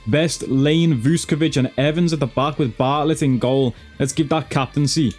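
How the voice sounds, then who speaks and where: A man's voice: fairly high pitch, moderate pace, darkish tone, faint music behind. A man commentating on his football game, slangy and full of swearing, calling everyone lad. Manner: swears a lot. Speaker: gaming YouTuber. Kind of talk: gameplay commentary.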